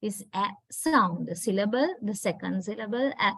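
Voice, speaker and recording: A woman's voice: mid-range voice, animated, gravelly, a bit bright, breathy edge, no room sound, low-quality recording. A woman from Sri Lanka with a Sri Lankan English accent, giving an English pronunciation lecture and often checking in with "right?". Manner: slow, deliberate, checks with "right?". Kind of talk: online lecture.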